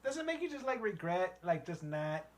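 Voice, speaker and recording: A man's voice: high-pitched, big pitch swings, moderate pace. A podcast co-host in casual chat, rambling and giggling as he riffs on jokes.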